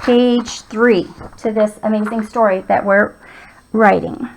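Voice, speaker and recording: A woman's voice: mid-range voice, steady tone, takes it slowly, creaky, slight background noise, poor audio. A woman teacher patiently walking young children through a writing lesson.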